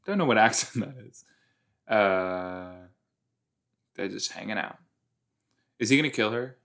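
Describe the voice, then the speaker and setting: Watching a TV episode on his podcast, this man reacts in a loose, animated, chatty way, exclaiming often. His voice is fairly low with vocal fry, and he doesn't hurry.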